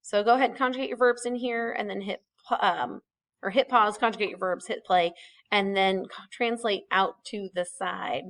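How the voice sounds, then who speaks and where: A woman's voice: medium pitch, fairly even intonation, normal speed, a bit bright. Patient woman teaching a lesson. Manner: patient, explanatory, with fillers and self-corrections. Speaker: Spanish teacher. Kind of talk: recorded classroom lesson.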